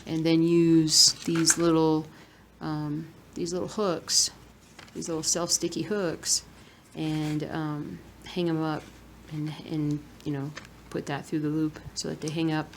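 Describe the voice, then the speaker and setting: Soft-spoken woman stitching. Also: sits low, level tone, takes it slowly, slight background noise. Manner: soft-spoken, rambling, murmurs to herself while working. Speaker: cross-stitch vlogger. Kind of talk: relaxed stitch-along chat.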